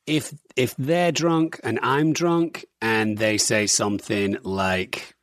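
A man's voice: mid-range voice, normal speed, hardly any pauses, dry recording, clean studio sound. A man in his forties, born in Germany to parents from Manchester, chatting playfully as a podcast guest and swearing freely. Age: 40s. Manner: playful, swearing, animated storytelling. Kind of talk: casual chat.

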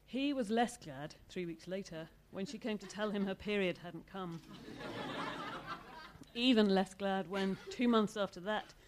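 A woman author reading aloud from her own novel in a measured, expressive way. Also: medium pitch, a little hiss or hum.

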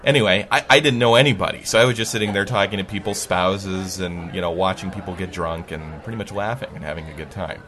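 A man's voice: low-pitched, fast talker, hardly any pauses, a crowd in the background. A man telling a story in a casual podcast chat, in a snarky, wry way, laughing often.

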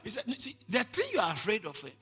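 Male preacher, high animated voice, long hall reverb; quiet teaching that rises to shouted declarations. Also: fast talker, husky, faint music behind. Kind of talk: sermon.

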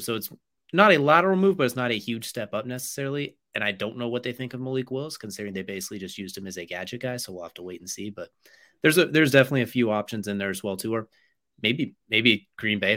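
A man's voice: lowish voice, bright, forceful tone. A young man co-hosting a sports podcast, rambling through casual chat and ad reads and tacking "as well, too" onto his sentences.

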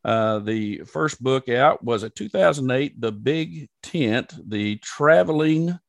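A man's voice: mid-range voice, lively intonation, slow, gravelly, no room sound, clean studio sound. A man from Oklahoma with a Southern US accent, hosting a casual interview chat and telling folksy stories with frequent laughs. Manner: folksy storyteller, laughs often. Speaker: podcast host.

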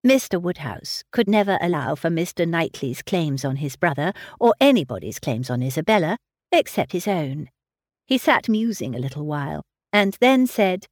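A woman with a lowish voice narrates a classic novel as an audiobook, in a measured, expressive storytelling style. The sound is clean studio audio with no room sound.

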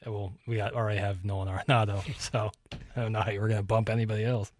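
Low-voiced man cracking dry jokes on radio. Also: level tone, rapid-fire, no room sound. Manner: dry, joking asides and short acknowledgments. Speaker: radio co-host. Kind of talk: casual sports radio banter.

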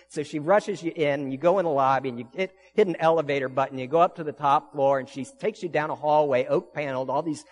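A man preaching as pastor, telling stories with earnest conviction and frequent restarts. His voice sits at an ordinary middle pitch. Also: brisk, hardly any pauses. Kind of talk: sermon.

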